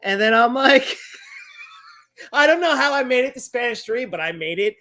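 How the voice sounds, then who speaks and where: A man hosting a livestream, telling stories in casual chat, animated and profane, acting out quoted dialogue. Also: extremely high pitch, measured pace, background noise. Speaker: livestream host.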